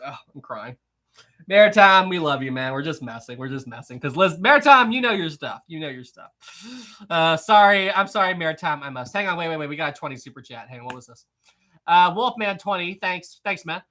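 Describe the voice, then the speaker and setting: A man's voice: fairly high pitch, lively intonation, fairly quick, bright, forceful tone. A young man hosting a live history quiz stream, reading chat aloud, teasing viewers and laughing often.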